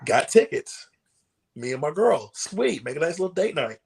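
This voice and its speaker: A man's voice: a little high, moderate pace, gravelly. A male pro wrestler as a podcast guest, telling casual stories and acting out the voices in them. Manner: animated, acts out the voices in his stories.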